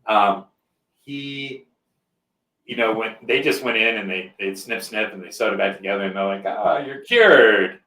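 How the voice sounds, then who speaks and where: A man's voice: lowish voice, steady tone, normal speed, bright, forceful tone, recorded from a distance. Rambling man telling a story, roomy sound. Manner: rambling, checks in with frequent "right?" tags. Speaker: podcast host. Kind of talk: conversational storytelling. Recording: roomy echo.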